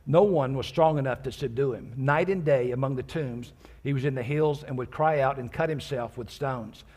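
Reading scripture aloud one verse at a time, a pastor explains each passage in an easygoing, conversational sermon, cracking jokes to his congregation. His voice is husky and a bit breathy, medium in pitch and darkish, at a normal speed.

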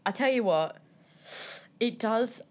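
A lively young woman in her twenties with a fairly high voice, co-hosting a casual podcast. She tells stories with animation, swears freely and jumps into voices to act out what people said. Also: takes it slowly. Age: 20s. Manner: animated storyteller, swears a lot, acts out quotes. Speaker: podcast co-host. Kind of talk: casual chat.

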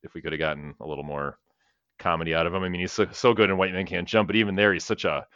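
Casting: low, bright-toned man, rambling podcast co-host, swears, laughs, slightly dull dry mic. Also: steady tone, racing, no echo. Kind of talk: casual movie podcast chat.

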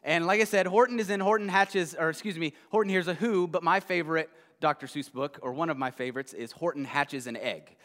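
A male pastor giving a casual sermon, retelling a children's story in a conversational way and often checking in with a quick "right?". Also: a little high, fairly bright tone. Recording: long hall reverb.

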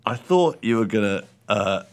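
A man from England co-hosting a podcast, dry and deadpan, talking with hesitant ums. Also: fairly low pitch, normal speed. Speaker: podcast co-host. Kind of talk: casual comedic chat.

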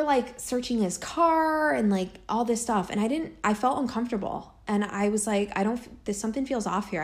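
A woman vlogger telling a personal story in a casual, earnest way, full of fillers and asides. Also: fairly low pitch. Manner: earnest, chatty, many fillers like "like" and "you know".

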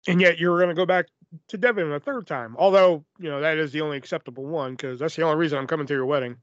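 Man, podcast host, high lively voice, profane, rambling casual storytelling, dull dry recording. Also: racing, dry recording. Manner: profane, rambling, filler-heavy.

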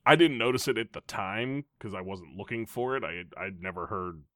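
Very low-voiced man, thoughtful. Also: brisk, bright, forceful tone, no room sound, clean studio sound. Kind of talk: casual film discussion.

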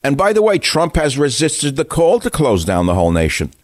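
A man's voice: a little high, wildly swooping pitch, a little fast, no room sound, clean studio sound. A man hosting a radio talk show, delivering an indignant monologue full of rhetorical questions.

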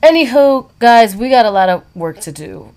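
A woman co-hosting a casual podcast chat, expressive and given to dramatic exclamations. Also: medium pitch, normal speed. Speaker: podcast co-host.

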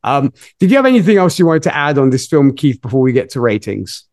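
A man's voice: medium pitch, fast talker, no room sound, clean studio sound. A man hosting a podcast, chatting enthusiastically in a casual movie review. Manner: enthusiastic, lively storytelling. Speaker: podcast host.

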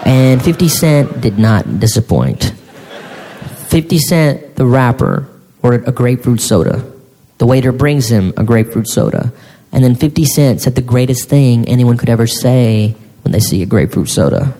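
A man performing a stand-up comedy routine, animated, with mock-shouting asides. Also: medium pitch, normal speed. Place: comedy stage before an audience. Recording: live hall with reverb, faint noise.

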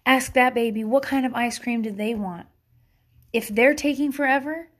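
At a fairly high pitch and a moderate pace, a woman speaks as a mother sharing parenting advice in an offhand monologue. She doesn't mince words, swears often, laughs, and keeps going off on tangents.

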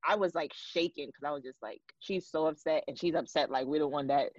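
A woman on a casual podcast with a fairly low voice, telling stories and acting out what people said. The sound is dull and dry, like a lo-fi recording. She chats easily with her co-hosts. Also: fairly quick, no echo. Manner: animated storyteller, acts out quotes. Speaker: podcast co-host. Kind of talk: casual chat.

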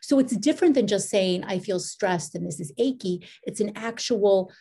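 Gravelly, mellow-voiced middle-aged woman. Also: medium pitch, moderate pace. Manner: meandering, with restarts and lively quoted asides. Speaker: podcast guest. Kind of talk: casual interview storytelling.

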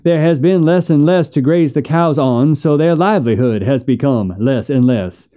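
A man's voice: a little high, moderate pace, dark tone, lo-fi sound, close to an everyday voice. A man voicing a steely frontier widow. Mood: cold, steely.

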